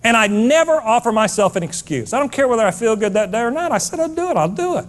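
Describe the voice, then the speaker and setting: A man's voice: very high voice, big pitch swings, fast. A man giving a blunt, fired-up motivational keynote to a live audience, scolding and hammering points with repetition.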